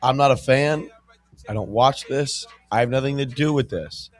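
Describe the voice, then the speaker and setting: A man's voice: mid-range voice, normal speed. A young man in his twenties co-hosting a radio show, rambling and dismissive. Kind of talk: casual sports radio chat.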